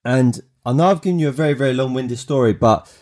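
A man, telling personal stories as a podcast host in a chatty, animated way. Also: medium pitch, fast talker. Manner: chatty, animated storytelling with many restarts. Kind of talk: storytelling monologue.

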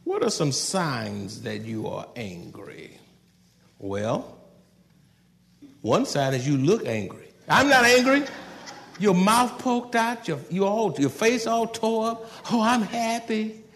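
A pastor delivers a sermon with a somewhat high, gravelly voice, his pitch leaping up and down as he talks. He moves from loud outbursts to quiet asides in a folksy, joking manner. He chuckles at his own jokes. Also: slow pace, long reverb tail. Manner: animated preaching, swings from loud outbursts to soft asides.

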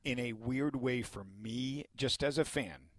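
A man's voice: medium pitch, measured pace, no room sound. A man hosting a sports talk radio show, making his points emphatically and leaning on repeated words. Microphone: studio microphone.

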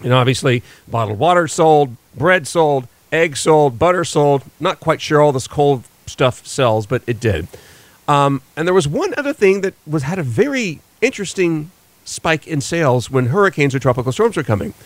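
A man's voice: on the high side, expressive, moderate pace, no echo. A man hosting a radio morning show recap, explaining things in a casual way with plenty of fillers and restarts. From western United States.

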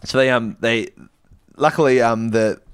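A man's voice: medium pitch, steady tone, a little slow, clean tone, no echo, studio quality. A man co-hosting a comedy podcast, rambling through an improvised story with fillers, restarts and giggles.

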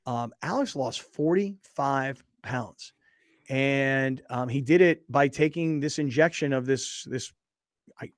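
Animated, high-voiced man telling stories. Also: no room sound, clean studio sound. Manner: animated storyteller, gets louder and higher when indignant. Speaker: sports talk radio host. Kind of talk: casual sports chat and live ad read.

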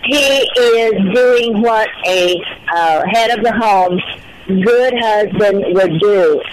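A woman's voice: medium pitch, takes it slowly, noisy background. A woman phoning in to a radio show, talking in a chatty, rambling way from her porch in the rain. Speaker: caller. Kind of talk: phone-in call to a radio show. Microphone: phone.

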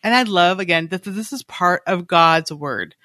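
A woman co-hosting a podcast, chatting about a Bible reading with lively, affirming remarks. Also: on the low side, normal speed, no echo, clean studio sound. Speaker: podcast co-host. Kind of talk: casual Bible study chat.

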